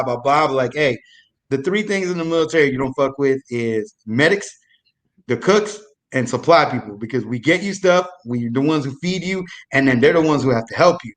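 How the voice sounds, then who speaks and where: A young man telling a loose, profane story about his military days on a live comedy show, with frequent restarts. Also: fairly high pitch. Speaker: guest storyteller, former military supply.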